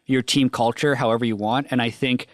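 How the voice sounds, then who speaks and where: A man's voice: medium pitch, fairly quick, no room sound. A man on an esports analysis panel, talking casually and animatedly, often laughing as he tells a story. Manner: animated, laughs while telling stories.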